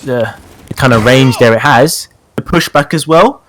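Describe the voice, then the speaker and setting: A British man talks a fighting-game tutorial through at a middle pitch, looping back on his words with plenty of "you know" and the odd swear. A faint hiss sits under the recording. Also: normal speed, fairly bright tone. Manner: rambling, repeats words and fillers, swears casually. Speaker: guest character specialist. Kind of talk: casual gaming tutorial chat.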